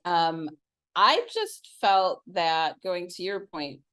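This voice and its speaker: Low-pitched middle-aged woman telling a story. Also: very animated, slow, a bit bright, clear, resonant tone. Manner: storytelling, acts out quoted lines with big pitch jumps. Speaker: podcast co-host. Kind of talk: casual chat.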